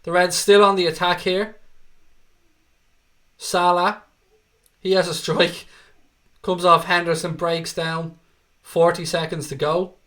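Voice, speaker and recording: An Irish man with a Dublin accent runs a live football watchalong. His voice sits a little higher than most men's. He chats loosely, swears often and reads viewer messages between quick updates on the game. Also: level tone, pushed and bright. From Ireland. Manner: chatty, swears freely, reads viewer comments aloud. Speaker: livestream host. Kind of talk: live match watchalong commentary and chat.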